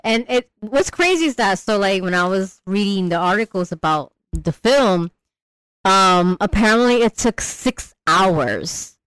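Animated casual woman, dry close mic. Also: clean tone, no echo, poor audio. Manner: animated, slangy, mimics characters in high voices. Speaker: podcast co-host discussing a film. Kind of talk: casual chat.

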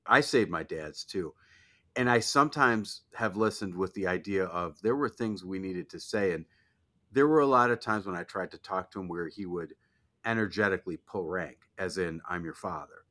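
Male co-host, lowish voice with a bright, forceful edge, reflective, asks probing questions. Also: moderate pace. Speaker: podcast co-host. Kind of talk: casual chat.

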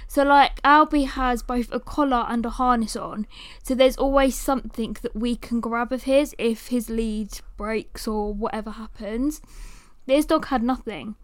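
A woman hosting a podcast, telling a story in a lively, animated way and sometimes cooing at her dog. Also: a little high, measured pace, no echo, clean studio sound. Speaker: podcast host.

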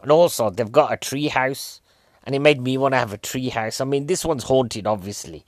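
A man's voice: medium pitch, normal speed, dry recording, clean studio sound. Rambling, jokey man in his forties. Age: 40s. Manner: rambling, jokey, self-mocking. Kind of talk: casual film review chat.

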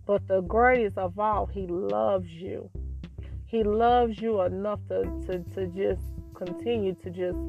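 Crying woman thanking god over and over, slow gravelly voice, soft music behind. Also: medium pitch. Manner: fervent, repetitive, praising God. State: crying happy tears. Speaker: podcast host. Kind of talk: emotional personal testimony.

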